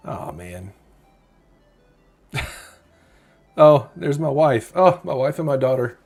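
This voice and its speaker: A man's voice: mid-range voice, sing-song, slow, gravelly, long pauses, darkish tone. A middle-aged man hosting a casual live stream, chatty and openly sentimental, reading viewer comments aloud and answering them. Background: faint lo-fi music.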